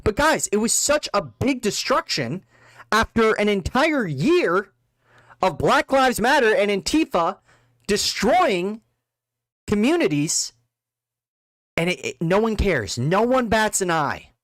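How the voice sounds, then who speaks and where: Angry ranting man, very animated. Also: high-pitched, takes it slowly, no echo. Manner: angry, contemptuous, insulting. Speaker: political commentator. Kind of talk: ranting monologue.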